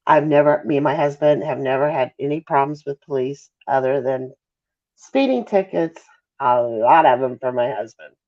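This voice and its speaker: A woman's voice: rumbling low, moderate pace. A middle-aged woman, a mother giving an emotional interview who often halts, apologizes and loses her thread. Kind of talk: emotional interview over a call. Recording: dull, lo-fi call audio.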